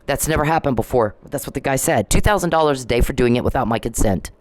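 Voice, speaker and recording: A woman's voice: very deep voice, quick pace, no room sound, rough recording. Middle-aged woman, ranting vlog, scolding and repetitive, dry close sound. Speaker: vlogger. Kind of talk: ranting monologue to camera.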